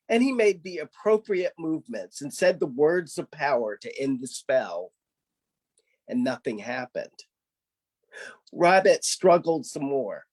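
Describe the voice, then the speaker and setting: A man reading his own story at a literary event, taking his time with each line. His narration is theatrical and animated, with a voice that rises and falls freely. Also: medium pitch, slow pace.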